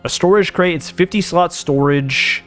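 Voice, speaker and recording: A gaming channel host gives casual let's play commentary, rambling and thinking aloud while sorting his inventory, all with a case of the hiccups. His voice is fairly high, moderately paced and a bit bright, with faint music behind him.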